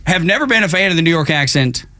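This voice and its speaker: Southern male radio host, bit high, very lively pitch, dry studio sound. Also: no room sound. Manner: animated, chuckles often, drawn-out storytelling. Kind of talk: casual morning radio chat. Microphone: studio microphone.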